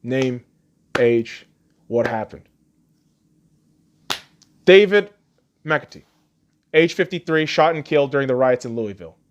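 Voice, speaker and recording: A podcast host on an angry, profane rant, swinging between shouting and low muttering. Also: male voice, animated, unhurried, pauses often, muffled recording.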